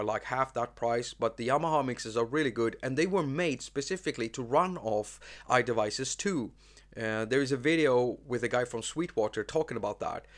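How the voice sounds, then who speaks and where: A man hosting a relaxed live stream, talking at a middling pitch. He rambles and restarts his sentences, with plenty of ums along the way. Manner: rambling, many fillers and restarts. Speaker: host. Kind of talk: casual live-stream chat.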